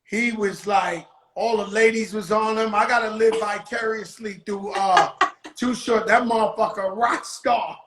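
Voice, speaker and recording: A man's voice: high voice, steady tone, a little slow, fairly bright tone, a little hiss or hum. Brash hype-talking man in an echoey room. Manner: brash, swears freely, hype talk. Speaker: host. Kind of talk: casual interview on a livestream.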